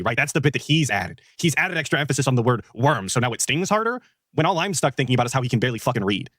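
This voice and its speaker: A man's voice: mid-range voice, fairly bright tone, no room sound, clean studio sound. A man hosting a stream, giving sarcastic, profane reaction commentary. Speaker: stream host.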